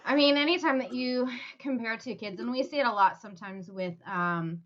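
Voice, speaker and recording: A woman's voice: a little high, moderate pace, highs cut off. A woman co-hosting a casual podcast, speaking thoughtfully with some hesitation. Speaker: podcast co-host.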